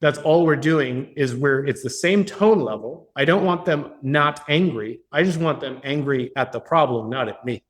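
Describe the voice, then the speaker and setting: Speaking at normal speed in a voice on the high side, with hardly any pauses, a business coach hosts a mastermind workshop before a live audience in a meeting room. He is blunt and profane, and he frequently checks in with the room.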